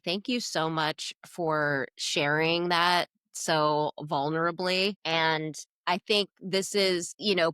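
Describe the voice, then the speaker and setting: A woman's voice: on the low side, fairly bright tone, dry recording, studio quality. A woman hosting a podcast interview, speaking in an affirming, reflective way. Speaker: podcast host.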